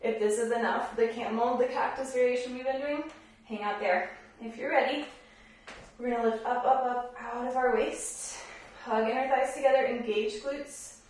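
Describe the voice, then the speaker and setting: A woman yoga instructor guiding a class, giving calm, encouraging cues paced with the breath. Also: a little high, moderate pace, distant mic. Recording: very echoey room, voice from off the mic.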